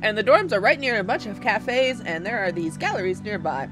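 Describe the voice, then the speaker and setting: A woman's voice: mid-range voice, lively intonation, music in the background, close to an everyday voice, poor audio. A woman voicing a bubbly teenage daughter bound for college while reading game dialogue aloud. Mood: excited. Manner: bubbly, gushing, quick chatter. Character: excited teenage girl heading to college.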